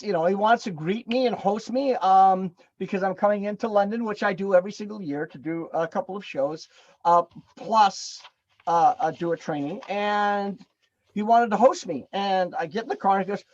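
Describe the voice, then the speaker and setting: A man telling stories as a podcast guest, animated, acting out what people said, with lots of fillers and restarts. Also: high voice, moderate pace, dull audio. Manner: animated storyteller who acts out quoted dialogue; chatty, with many fillers and restarts. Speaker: podcast guest, drum circle facilitator. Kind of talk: casual storytelling interview.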